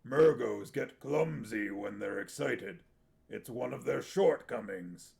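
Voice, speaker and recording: Gruff cold warrior, blunt, gravelly, slow, read by a man. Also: mid-range voice, a little mellow.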